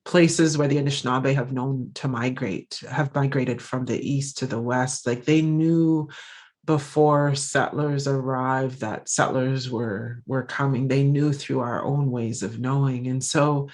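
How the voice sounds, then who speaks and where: A woman giving a lecture, telling a personal story in an earnest, reflective way, pausing often and restarting her phrases. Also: extremely low pitch, steady tone, a little mellow. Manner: reflective, halting, with frequent pauses and restarts; earnest, heartfelt. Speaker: visiting scholar giving a lecture.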